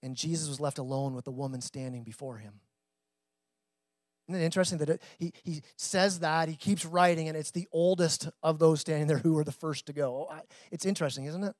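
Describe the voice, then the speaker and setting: A man's voice: on the high side, steady tone, fairly quick, a little mellow, no echo. A man preaching a sermon to his church in a conversational way, repeating words as he builds and drops his intensity. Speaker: pastor.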